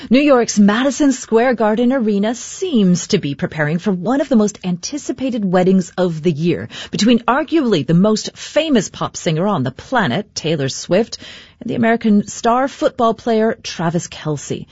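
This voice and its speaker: A woman anchoring a news bulletin, reading scripted stories in a measured, formal way. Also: mid-range voice, lively intonation, darkish tone, slightly rough, no echo, muffled recording.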